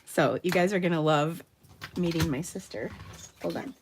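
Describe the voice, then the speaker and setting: A woman's voice: fairly low pitch, moderate pace, background noise. Chatty, upbeat woman crafter. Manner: chatty, upbeat, laughs often. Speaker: card-making tutorial host. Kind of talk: live craft demonstration.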